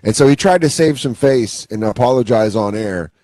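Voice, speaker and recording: A man's voice: medium pitch, mellow, dry recording. A man co-hosting a comedy podcast, riffing casually and slipping into characters. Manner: riffing, quick to slip into characters.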